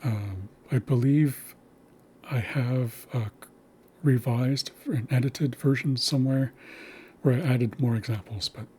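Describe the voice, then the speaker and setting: A man giving a recorded language lesson, patiently explaining and slowly repeating consonant sounds. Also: medium pitch, dark tone, a little hiss or hum. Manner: patient, slow demonstrations of sounds. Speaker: language teacher.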